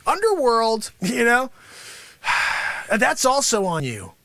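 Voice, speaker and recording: A man playing a brash, greedy male martial arts sensei in an improvised comedy bit, boasting and berating his students with loud shouted bursts. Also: very high-pitched, huge pitch swings, slow, no echo, exaggerated voice. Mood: boastful. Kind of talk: improvised comedy character monologue.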